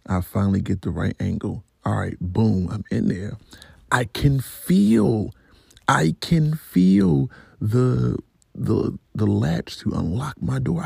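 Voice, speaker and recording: Gravelly low-voiced man telling a story. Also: no room sound, clean studio sound. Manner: profane, animated, rambling. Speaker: vlogger. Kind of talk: casual storytelling.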